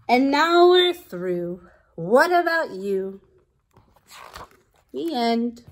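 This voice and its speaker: A woman's voice: high-pitched, very animated, drawn-out words, long pauses. A young woman teacher reading a picture book aloud to preschoolers in a playful, sing-song way, stretching out the sound words. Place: outdoors for the movement part.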